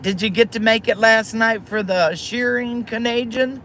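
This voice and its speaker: A woman's voice: fairly high pitch, steady tone, normal speed, a bit bright, a little hiss or hum. A woman hosting a livestream, chatting affectionately with viewers by name and pet names. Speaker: livestream host. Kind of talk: casual chat with viewers.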